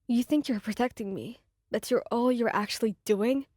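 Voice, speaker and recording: A woman's voice: a little high, moderate pace, a little mellow, lightly acted. Woman playing the hurt listener in a breakup ASMR story; trembling, defiant. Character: heartbroken young adult listener, trembling.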